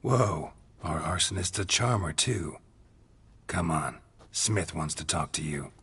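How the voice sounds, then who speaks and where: An actor playing a gruff middle-aged monster hunter in a video game, speaking in dry, clipped, unhurried lines. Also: male voice, low-pitched, expressive, fairly bright tone, exaggerated voice.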